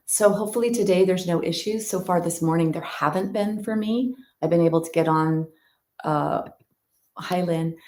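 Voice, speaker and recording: A middle-aged woman yoga teacher chatting with her students before an online class, greeting them by name and rambling easily from one thought to the next. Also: lowish voice. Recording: roomy echo.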